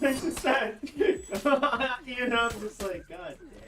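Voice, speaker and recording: A high-voiced man hosts a casual, profane chat and laughs easily as he riffs. He sits some way from the mic. Music plays clearly behind him. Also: animated, slow pace, sharp tone, distant mic. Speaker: host.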